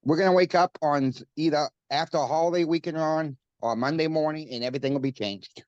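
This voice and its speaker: A man's voice: fairly high pitch, fast talker, darkish tone, no room sound, highs cut off. A man with a Maine accent, an interview guest talking earnestly with frequent fillers and repeating the host's name. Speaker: coin shop guest. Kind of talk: casual interview chat.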